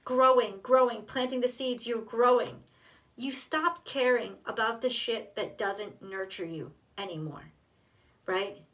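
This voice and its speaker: A woman's voice: on the high side, unhurried, fairly bright tone, far from the mic. A woman doing a tarot card reading, talking straight to the viewer, emotional and blunt, swearing freely. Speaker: tarot reader.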